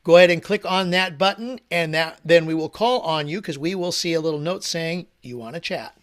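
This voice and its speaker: A man's voice: fairly high pitch, fairly quick. A man co-hosting a live video call, giving plain step-by-step instructions to the viewers. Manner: instructional, then showman build-up. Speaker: co-host introducing the speaker.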